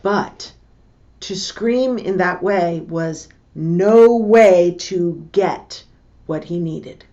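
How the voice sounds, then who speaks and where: A middle-aged woman teaching a lesson, telling a family story slowly and deliberately and acting out the voices of the people in it. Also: fairly low pitch, dark tone. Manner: slow, deliberate, acts out the voices in her story. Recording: dull lo-fi recording.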